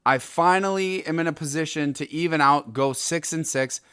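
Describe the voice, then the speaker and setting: A young adult man hosting a solo podcast, ranting in an angry, exasperated way with sudden loud outbursts. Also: on the high side, moderate pace, clean tone, no room sound, studio quality. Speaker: podcast host.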